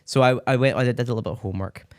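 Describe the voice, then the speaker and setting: A man's voice: medium pitch, very fast, smooth, no echo. Chatty Scottish man, dry studio sound. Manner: chatty, laughs often, playful asides. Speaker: podcast co-host. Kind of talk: casual chat.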